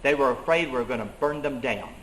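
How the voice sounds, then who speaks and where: A living-history reenactor plays an indignant 18th-century colonial schoolmaster who became a rebel leader, delivering a first-person monologue in a roomy, echoing space with slight background noise. His medium-pitched, slightly bright voice moves at a quick pace, lightly acted. The storytelling is earnest and emphatic, rising whenever he recounts grievances.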